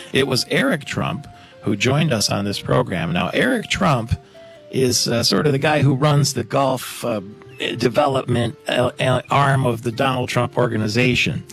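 Chatty male talk-show host, gravelly voice. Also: medium pitch, a bit bright. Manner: chatty, joking, laughs at his own asides. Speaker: radio host. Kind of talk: casual talk-show commentary.

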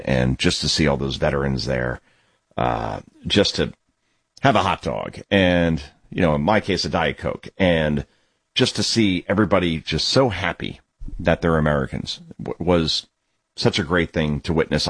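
A man's voice: extremely low pitch, no room sound. A man hosting a sports talk show, sarcastic and indignant as he tells stories and gives opinions. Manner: sarcastic, indignant, animated storytelling. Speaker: youth baseball coach and father.

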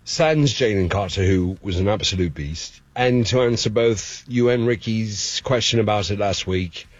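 Low-voiced Philadelphia man on a dull line. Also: normal speed, dry recording. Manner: joking, teasing. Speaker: caller.

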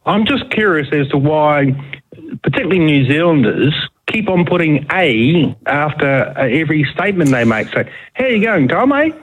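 Guy calling in, friendly, husky, bit high. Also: lively intonation, normal speed, highs cut off. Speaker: radio caller.

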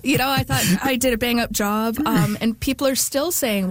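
A woman's voice: fairly high pitch, moderate pace, no room sound. A woman author being interviewed, speaking thoughtfully with frequent fillers and restarts. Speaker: author and guest. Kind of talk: conversational interview.

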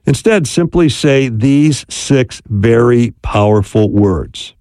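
A man's voice: medium pitch, lively intonation, slow, hardly any pauses, warm tone, no echo, clean studio sound. A man giving a conversational talk on marriage, often checking in with "right?". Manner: conversational, keeps asking "right?".

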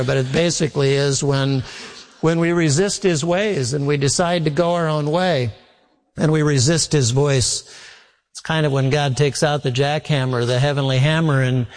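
A man delivers a sermon with a fairly high voice, stretching out words for emphasis. His folksy storytelling rings through the long reverb of a large hall. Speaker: pastor.

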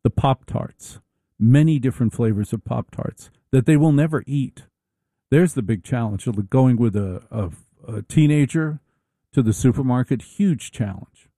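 A middle-aged man delivering a wry, rambling comedic monologue, full of halting restarts. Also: mid-range voice, warm tone, dry recording.

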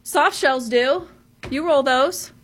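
A woman's voice: high-pitched, slow pace. Playful woman meteorologist in studio chat. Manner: playful, laughing easily. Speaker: TV meteorologist guest. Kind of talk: casual on-air banter.

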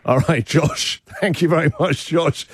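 A man's voice: fairly high pitch, unhurried, husky, dry recording, studio quality. A man hosting a radio breakfast show, bantering and joking with callers. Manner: jokey, laughing, lively. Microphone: studio microphone.

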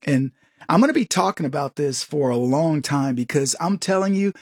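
Husky-voiced American man hosting commentary. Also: moderate pace, dry recording, clean studio sound. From United States. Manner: animated, jumps into higher-pitched quoted voices. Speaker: host of a commentary show. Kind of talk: opinionated political commentary.

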